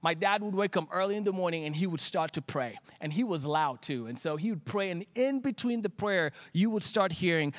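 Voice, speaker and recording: High-voiced preacher, lively sermon. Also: male voice, normal speed, hardly any pauses. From Africa. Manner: animated, acts out his younger self in quoted asides. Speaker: pastor. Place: empty church streamed online.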